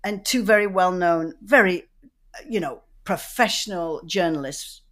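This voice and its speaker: A woman from Manchester with a Mancunian accent, co-hosting a podcast and telling lively, rambling anecdotes in casual chat. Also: fairly low pitch, a little slow. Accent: Mancunian English. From Manchester, England. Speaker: podcast co-host.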